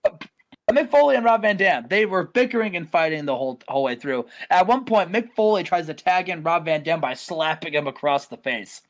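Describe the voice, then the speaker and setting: A man recaps wrestling matches on a casual podcast. He tells it like a story, eager and lively. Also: a little high, brisk. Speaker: co-host.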